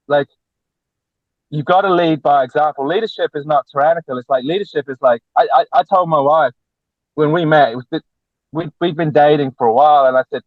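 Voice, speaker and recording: A man's voice: fairly high pitch, a little fast, dry recording. Blunt man coaching over a tinny line. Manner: blunt, forceful lecturing with repetition. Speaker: relationship coach, guest. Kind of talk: podcast interview. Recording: tinny phone-like dry line.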